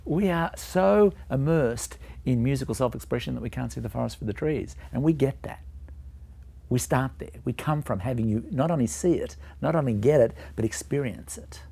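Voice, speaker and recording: A man who founded a music teaching program, explaining his ideas emphatically and voicing rhythms out loud to show them. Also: mid-range voice, lively intonation, moderate pace, gravelly, husky. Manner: emphatic, vocalizing rhythms to demonstrate points. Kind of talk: explanatory talk to camera.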